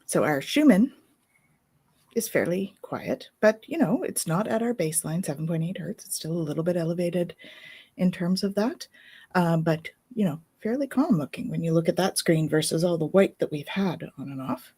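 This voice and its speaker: Chatty woman host on a spirituality livestream, kinda low husky voice, giggly and rambly. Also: animated, normal speed, mellow. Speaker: co-host of a spirituality live show. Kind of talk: casual live-stream chat.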